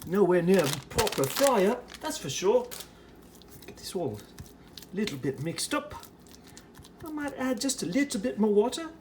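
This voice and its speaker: Lively put-on British accent, chatty. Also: medium pitch, normal speed, a little hiss or hum. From United States. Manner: chatty running commentary while preparing and tasting food. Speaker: ration reviewer. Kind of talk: casual food review vlog.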